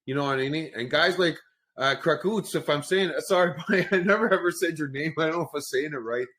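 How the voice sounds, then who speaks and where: A man's voice: on the high side, a little fast, fairly bright tone, slight background noise. A man hosting a casual crypto call, rambling and joking with frequent laughs. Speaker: host.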